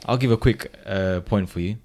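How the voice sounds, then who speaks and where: A man's voice: lowish voice, moderate pace, darkish tone. A man, co-hosting a casual podcast, easygoing, moving the talk along with tag questions. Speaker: podcast co-host. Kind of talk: casual chat.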